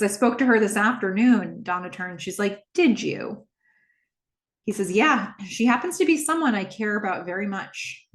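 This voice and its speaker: Recapping a TV episode for her podcast, a woman walks through each scene casually and acts out what the characters say. Her pitch moves as she quotes them, making the retelling animated. There's a roomy echo on the recording.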